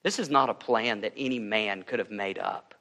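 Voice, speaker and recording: Emphatic preacher in a reverberant church. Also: male voice, fairly low pitch, moderate pace, sharp tone. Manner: emphatic, building intensity, joking asides. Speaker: pastor. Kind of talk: sermon.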